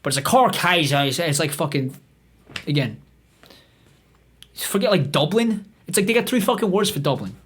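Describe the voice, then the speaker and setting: A man's voice: on the high side, lively intonation, normal speed, long pauses, husky. A man hosting a comedy podcast, telling a meandering, profane story full of restarts and fillers. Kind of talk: rambling comic storytelling.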